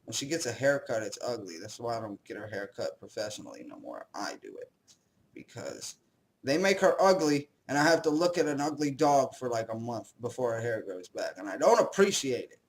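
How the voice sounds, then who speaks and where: A man's voice: medium pitch, sing-song, a little fast, poor audio. Rambling young man, casual commentary. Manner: rambling, self-deprecating, swears casually. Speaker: host.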